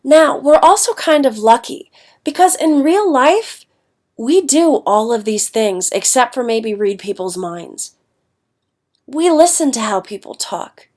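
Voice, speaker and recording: A woman's voice: on the high side, animated, a little slow, a little mellow. A woman from Ohio, an English teacher, giving a recorded class lecture with a stuffed-up nose, chatty and often checking in with "okay?". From Ohio, United States.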